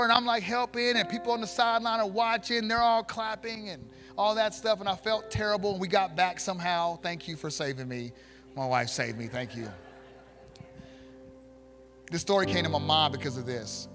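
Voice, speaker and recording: A male pastor preaching a sermon, animated in his storytelling and swinging from hushed to loud. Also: high voice.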